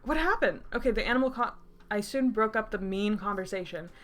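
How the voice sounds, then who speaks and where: A woman's voice: medium pitch, expressive, brisk, fairly bright tone. A woman in her twenties reading her old writing aloud, breaking off for laughing, mocking and sarcastic asides. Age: 20s. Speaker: YouTuber.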